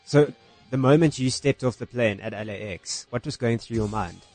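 A man's voice: medium pitch, moderate pace, darkish tone, soft background music. A man hosting a radio talk show, jokey and upbeat with his guests. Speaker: radio host. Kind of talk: casual radio interview.

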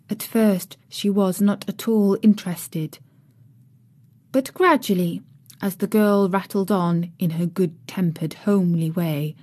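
A woman narrating a classic children's novel in a measured, even storytelling manner. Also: medium pitch. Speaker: audiobook reader.

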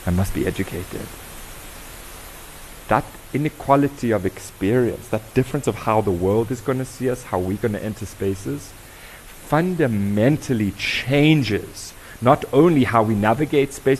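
A South African man facilitating a workshop, talking with an audience in a lively, conversational way and asking them questions. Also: medium pitch, brisk, slight background noise, poor audio. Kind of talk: interactive talk to an audience.

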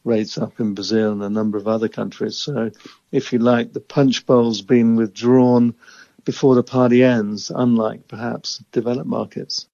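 A man who invests in emerging market equities, answering interview questions in a measured, analytical way. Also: mid-range voice, level tone, vocal fry, mellow, no echo, muffled recording.

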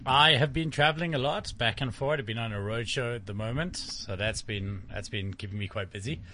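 A man ranting casually on a radio talk show, animated and laughing as he goes. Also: mid-range voice, brisk, a little hiss or hum. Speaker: guest commentator.

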